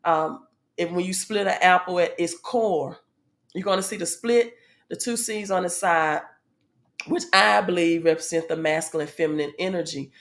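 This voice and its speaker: A woman's voice: fairly low pitch, moderate pace. A woman with a Southern US accent giving a casual spiritual teaching, with frequent "um" fillers and checks of "right?" to her audience. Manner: asks the audience "right?" often.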